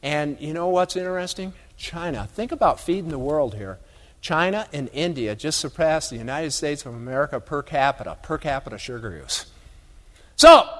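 Long hall reverb surrounds this slightly high, somewhat bright male voice. He's giving a live keynote about agricultural economics, keeping it funny and folksy with plenty of anecdotes and side comments.

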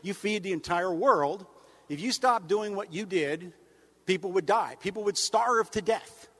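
A man giving a comic speech to a crowd of farmers, deadpan and rambling, with sudden mock-outraged jumps in pitch. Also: measured pace, husky. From United States. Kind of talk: stand-up style speech to an audience. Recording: long hall reverb.

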